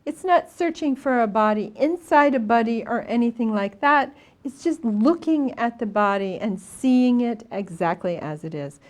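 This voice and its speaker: A woman's voice: on the high side, animated, moderate pace, darkish tone. An older woman, a Buddhist nun, giving a storytelling dharma talk with frequent fillers and restarts.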